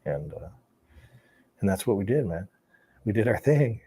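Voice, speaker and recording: Husky low-voiced man telling a story. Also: moderate pace. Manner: animated, profane, laughs while telling. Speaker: guest telling his life story. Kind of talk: storytelling interview.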